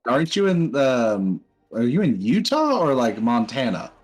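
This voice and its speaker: Man, mid pitch, loose and excitable, casual break chatter, some soft music behind. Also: measured pace, breathy edge, poor audio. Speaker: tabletop game player. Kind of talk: casual chat during a game break.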